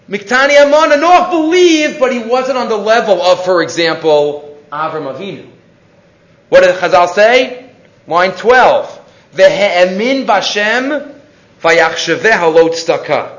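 Man, Torah class teacher, high lively voice, roomy dull recording. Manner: animated, acts out quoted characters.

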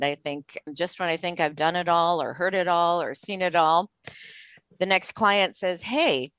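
A woman's voice: on the low side, a bit bright, smooth, dry recording. A middle-aged woman, a meeting planner and author, chatting cheerfully as a podcast guest. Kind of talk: casual interview talk.

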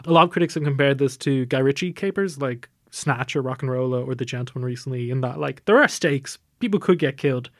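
Fast-talking man on a film podcast. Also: mid-range voice, a bit bright, no echo, studio quality. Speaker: podcast co-host. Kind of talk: casual film-review chat.

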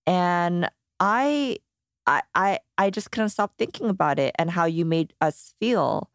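A woman with a smooth, lower-pitched voice, recorded dry and close. She tells a personal story in a relaxed chat and acts out the quotes with lively changes of voice. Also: measured pace, no room sound. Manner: animated storyteller acting out quotes. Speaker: podcast co-host. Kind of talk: casual chat.

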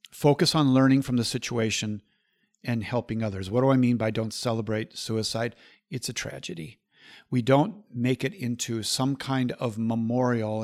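A man's voice: mid-range voice, vocal fry, dry recording, clean studio sound. A man hosting a Catholic podcast, talking earnestly and pastorally, repeating key phrases and closing in prayer.

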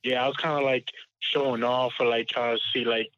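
A man's voice: medium pitch, little pitch movement, a bit bright, no echo. Hesitant man telling stories, lo-fi. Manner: hesitant, halting storytelling. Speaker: podcast guest. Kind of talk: casual chat. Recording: slightly dull lo-fi sound.

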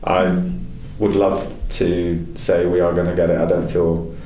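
Producer guy with a real deep voice, joking around at a team meeting, echoey room. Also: little pitch movement, a little slow, warm tone.

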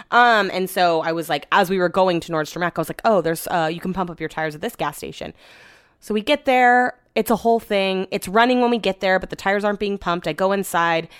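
A woman's voice: fairly low pitch, quick pace, clear, resonant tone, no echo, clean studio sound. A young woman podcasting in a casual, rambling chat, retelling her day with exasperation.

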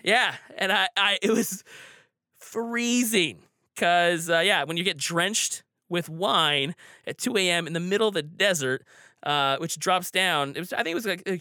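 A man's voice: a little high, sharp tone, no room sound, clean studio sound. A man telling a personal story casually, rambling with frequent restarts and fillers. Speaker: storyteller guest.

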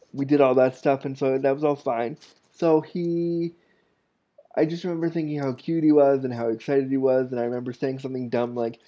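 Podcast host, male, 30s; warm relaxed tone, candid and self-mocking, a bit muffled. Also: mid-range voice, normal speed. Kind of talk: casual storytelling monologue.

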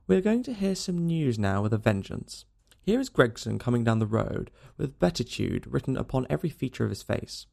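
A man reading an audiobook, voicing a grave, measured male consulting detective. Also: mid-range voice, vocal fry, a little mellow. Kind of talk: audiobook character voice.

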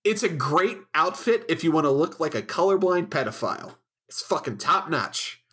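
Husky man with crude, biting jokes. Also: a little high, animated, normal speed, fairly bright tone. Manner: crude, biting, profane humor. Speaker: podcast co-host. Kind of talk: casual comedic show recap.

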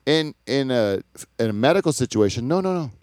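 A man hosting a comedy podcast, crude and rambling as he tells a long story, his voice jumping up for emphasis. His pitch sits in the middle, and the sound is dry and close, with no room echo. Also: lively intonation, brisk, darkish tone. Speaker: podcast host. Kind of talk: casual comedic chat.

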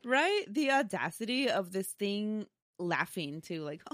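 A woman co-hosting a casual spooky-story podcast reads a listener's story aloud, chatting and laughing often. Her medium-pitched voice is very animated, slow and a bit bright, captured as clean studio sound with no echo.

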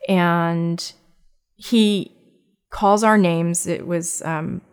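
A woman with a slightly low voice tells a personal story in conversation. She speaks candidly and reflectively, often halting and restarting her words. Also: steady tone, clear, resonant tone.

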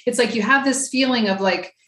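A woman's voice: on the high side, brisk, a bit bright. A woman hosting a podcast interview, giving brief supportive affirmations and asking questions. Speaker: podcast host. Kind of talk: casual interview conversation. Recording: roomy echo.

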